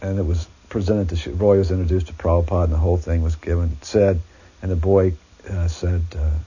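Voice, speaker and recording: Male, low and husky, halting reminiscer, dull lo-fi recording. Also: steady tone, warm tone. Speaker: devotee recounting memories. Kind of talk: reminiscing storytelling.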